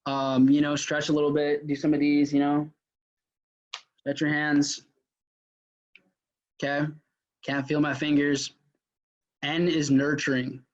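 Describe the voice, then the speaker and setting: A man's voice: fairly high pitch, monotone, unhurried, pauses often. A man leading a casual sales workshop lecture, chatty and full of fillers and restarts. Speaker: mentor teaching a sales workshop. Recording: dull lo-fi audio.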